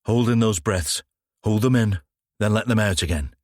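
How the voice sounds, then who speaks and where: A calm male detective who keeps control and talks others through panic, read by the narrator in near his own voice. The voice is low and steady, recorded dry and close. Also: moderate pace, dry recording, lightly acted. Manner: calm, firm, reassuring.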